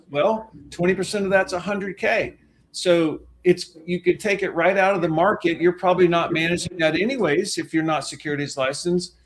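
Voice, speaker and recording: A man co-hosting a webinar as a financial planner, talking in an emphatic, folksy way. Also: high-pitched. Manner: emphatic, folksy, talks with his hands on a soapbox. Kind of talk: webinar presentation.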